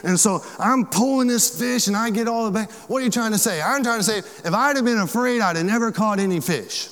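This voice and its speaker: A man's voice: high-pitched, brisk, a bit bright. A man preaching a sermon as a pastor, impassioned and repetitive, in a large hall. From Florida. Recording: long hall reverb.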